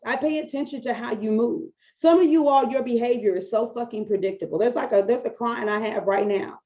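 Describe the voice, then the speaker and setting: A woman's voice: fairly high pitch, dull audio. Blunt, profane woman coach talking to camera. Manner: blunt, profane, animated storytelling. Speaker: business coach. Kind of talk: casual talking-head video.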